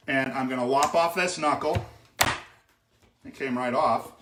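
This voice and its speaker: A man's voice: medium pitch, measured pace, pauses often, fairly bright tone, reverberant, slight background noise. A man hosting a casual live cooking demo in his kitchen, chatting with viewers and often checking in with "okay?". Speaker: chef hosting a cooking stream. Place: home kitchen.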